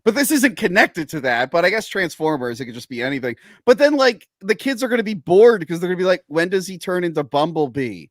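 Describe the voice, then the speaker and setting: A man's voice: sits high, big pitch swings, quick pace, hardly any pauses, dry recording, studio quality. A man hosting a casual live-streamed chat, talking loosely about movie news and swearing when annoyed. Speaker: podcast host. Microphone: hardwired webcam stream.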